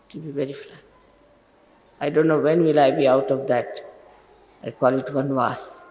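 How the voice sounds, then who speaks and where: In an old archival recording with long reverb and faint hiss, a female spiritual teacher delivers an admonishing sermon to her followers. Her voice is low-pitched and darkish, and she scolds emphatically.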